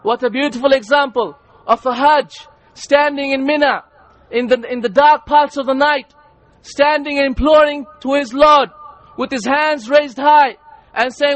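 Male preacher, very high voice, impassioned sermon, repeats himself, rises to shouts. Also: steady tone, unhurried, no echo. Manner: impassioned, repetitive, rising to shouts.

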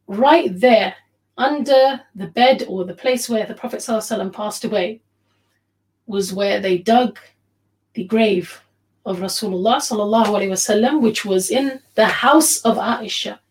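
An earnest woman leads an online religious class for other women over a video call. She speaks in an unhurried way, pausing often and mixing in short Arabic phrases. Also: medium pitch, rough recording. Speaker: teacher of an online Islamic class.

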